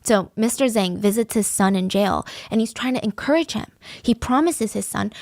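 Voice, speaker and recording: A woman's voice: mid-range voice, moderate pace, no room sound. Woman podcast host narrating true crime, casual, dry close sound. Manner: conversational, animated asides, raises voice for quoted lines.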